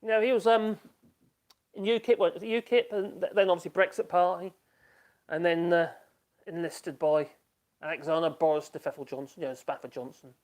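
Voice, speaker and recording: His voice is high and a little mellow, with fairly even intonation and a moderate pace. The man is hosting an easygoing live stream from his home workshop, chatting loosely, laughing often, and reading out viewer comments to react to.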